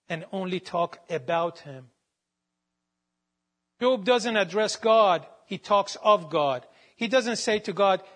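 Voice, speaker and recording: A man giving a devotional Bible teaching, reading out verses with their references in a measured way. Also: sits high, fairly bright tone.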